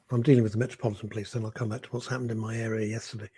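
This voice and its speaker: Brief: male radio co-host with a husky, mellow tone and a wry, rambling delivery. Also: fairly low pitch, steady tone, racing, few pauses. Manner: rambling, wry, loses his thread. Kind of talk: casual radio chat.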